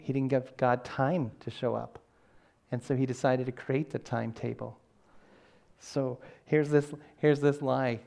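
A middle-aged pastor with a warm, mid-range voice preaches a sermon earnestly and conversationally, frequently starting his sentences over.

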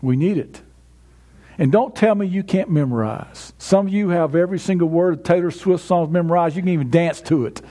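A man's voice: high-pitched, brisk, mellow. A man preaching a sermon in a conversational way, often restarting his words. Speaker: pastor.

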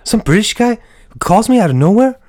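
A man doing an impression of a dim, defensive young action hero, talking fast. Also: lively intonation, a little mellow. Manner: quick, defensive, a bit higher.

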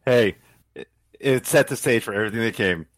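A man's voice: fairly low pitch, fairly quick, dry recording. A man in casual chat, throwing in wry, sarcastic quips.

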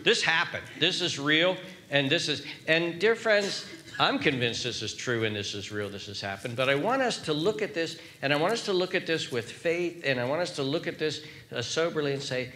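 An older man preaching a sermon, emphatic, pushing his voice up high on questions and then dropping it low. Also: sing-song, normal speed, bright, forceful tone. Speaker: pastor.

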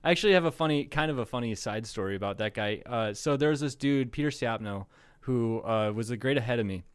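A man's voice: medium pitch, fast, clean tone, dry recording. A man co-hosting a podcast, telling rambling stories in casual chat, swearing and laughing often. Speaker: podcast co-host.

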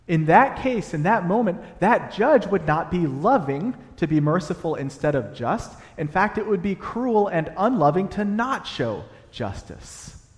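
Young man, pastor, preaching, animated emphatic delivery, higher voice, echoing church hall. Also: measured pace, few pauses. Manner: animated, rising to emphatic peaks. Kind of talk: sermon. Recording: long hall reverb.

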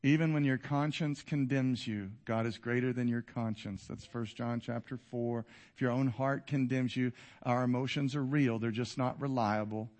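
A man in his fifties preaching a sermon to a congregation, swinging between loud exhortation and quiet intensity. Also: medium pitch, steady tone, moderate pace, hardly any pauses. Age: 50s. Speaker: pastor. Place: church before a congregation.

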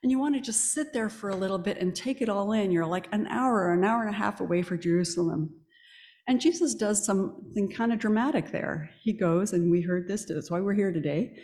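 A woman's voice: medium pitch, fairly quick. Woman preaching in an echoey hall. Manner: lively storytelling, quizzing the congregation. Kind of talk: sermon.

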